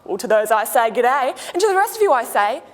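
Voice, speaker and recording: A woman with an Australian accent playing a chatty flight attendant in a comic speech, broad and slangy with deadpan jokes. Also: fairly high pitch, a little fast. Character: brash chatty female Aussie flight attendant. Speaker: speech contestant. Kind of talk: comic after-dinner speech in character. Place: large hall. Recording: echoey hall.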